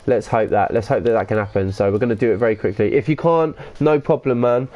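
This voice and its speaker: A man chatting casually on a live gaming stream, reading out viewer comments with excitable, slangy banter and the occasional swear word. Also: medium pitch, fast talker, lo-fi sound.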